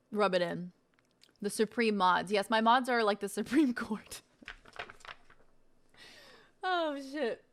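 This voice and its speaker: Casual woman streamer, mid-pitched, playful banter with frequent swearing. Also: a bit bright. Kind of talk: casual live-stream chat.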